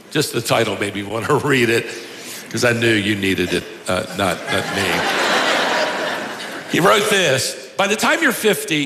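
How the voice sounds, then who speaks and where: A man's voice: medium pitch, bright, forceful tone. A man preaching a sermon, telling humorous stories and chuckling at his own jokes. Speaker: pastor. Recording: echoey hall, faint noise.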